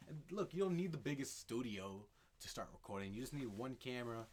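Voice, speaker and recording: A young American man co-hosting a podcast, loud and upbeat in casual chat. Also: medium pitch, lively intonation. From United States. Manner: loud, upbeat, quick talker. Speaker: podcast co-host.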